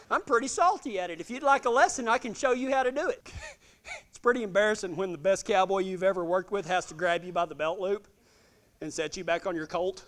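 A man telling a self-deprecating, humorous story in a sermon, animated and laughing often. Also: high-pitched, brisk.

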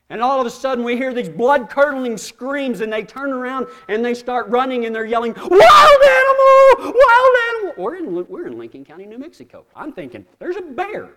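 A man from Texas with a drawl preaching a sermon, telling folksy stories and swinging from hushed asides to shouts. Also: sits high. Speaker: pastor.

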